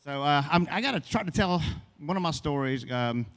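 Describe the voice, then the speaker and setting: A man's voice: on the high side, lively intonation, moderate pace, fairly bright tone, big-room sound. A man in his fifties from Louisiana doing a first open-mic stand-up set, rambling, folksy and long-winded. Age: 50s. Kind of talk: stand-up storytelling. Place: comedy club stage.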